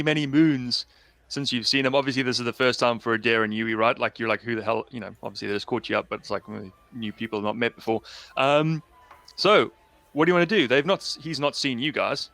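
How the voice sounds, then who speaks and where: A man's voice: medium pitch, fairly quick, a bit bright. A man running a tabletop game as game master, narrating in a loose, chatty way over a call. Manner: loose, chatty, with many fillers and repeats.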